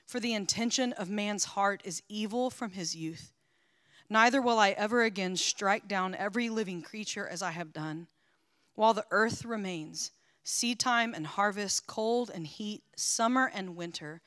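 A woman reading a scripture passage aloud in church in a measured, even way. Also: mid-range voice, dry recording, studio quality. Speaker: scripture reader.

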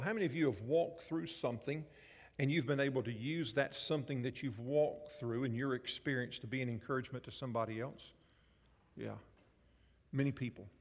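A man preaching a sermon as pastor, telling personal stories and asking the congregation questions. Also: mid-range voice. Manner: storytelling with quoted voices and audience questions. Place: church sanctuary. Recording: church hall reverb.

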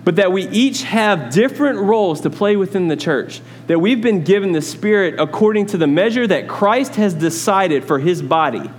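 A man's voice: high voice, expressive, normal speed, few pauses, slight background noise. A man preaching a sermon, teaching from scripture in a conversational way with asides to his congregation. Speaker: pastor.

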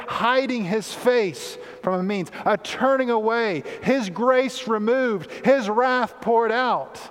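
Man, pastor, sermon, high voice, church hall with long reverb. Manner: rises loud and high when reading cries, drops low to explain. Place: church sanctuary.

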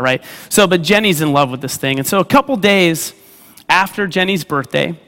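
Casual man preaching in a reverberant hall. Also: on the high side. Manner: conversational, animated, acts out voices in stories. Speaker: youth ministry leader preaching. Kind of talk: sermon with storytelling.

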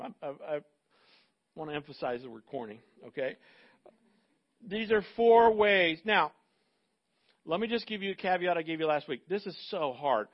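A man's voice: sits high, dull audio. A man preaching a sermon as pastor, conversational and emphatic, with rhetorical asides to the congregation.

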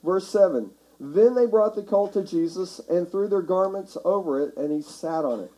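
Male pastor, mellow timbre, slightly high voice, conversational sermon delivery. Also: rough recording. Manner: conversational, builds to shouting for emphasis. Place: church sanctuary.

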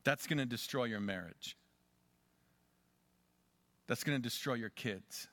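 Bright-voiced male pastor preaching. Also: mid-range voice, measured pace, no room sound. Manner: animated, swinging between loud urging and quiet asides. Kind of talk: sermon.

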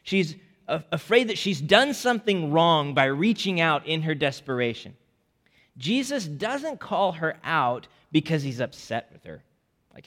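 A man preaching a sermon as a pastor, earnest and deliberate, sometimes restarting his words. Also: a little high, very animated, fairly bright tone, long reverb tail.

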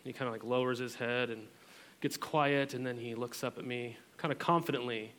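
A man's voice: mid-range voice, fairly even intonation, moderate pace, fairly bright tone. A man in his thirties, a pastor giving a sermon in a church, talking in a casual, chatty way with many fillers.

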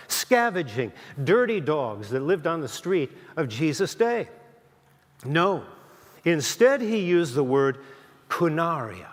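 Slow-preaching pastor in a reverberant church. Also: male voice, on the high side, a bit bright. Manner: slow, emphatic preaching with long pauses. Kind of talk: sermon. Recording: church hall with long reverb.

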